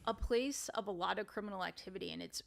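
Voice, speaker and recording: A woman's voice: mid-range voice, quick pace, gravelly. A woman co-hosting a comedy talk show, relaying odd news stories and asking curious questions in a casual way. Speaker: comedian co-host.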